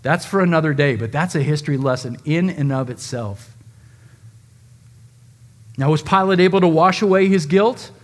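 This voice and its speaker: Dramatic male preacher, slightly high voice. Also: normal speed, pauses often. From United States. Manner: dramatic, acting out quoted speech with shifting volume. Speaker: pastor. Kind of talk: sermon.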